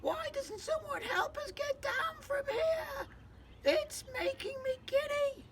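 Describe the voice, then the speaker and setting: A man's voice: extremely high pitch, slow pace, over a noisy crowd, pitched above the performer's own voice. A man voicing a frightened, dizzy female giant spider, wailing and pleading to be helped down. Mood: pleading, frantic. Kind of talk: storybook read-aloud.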